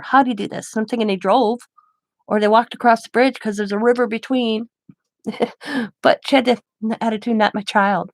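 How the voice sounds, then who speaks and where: Blunt animated middle-aged woman storyteller. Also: a little high, no room sound. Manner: animated, blunt, acts out quoted people. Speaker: crafting channel host. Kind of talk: casual storytelling.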